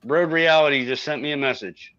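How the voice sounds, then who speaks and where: Bright-voiced man on dull audio. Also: fairly high pitch, a little fast. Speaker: guest on a motorcycle live stream. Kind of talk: casual live stream chat.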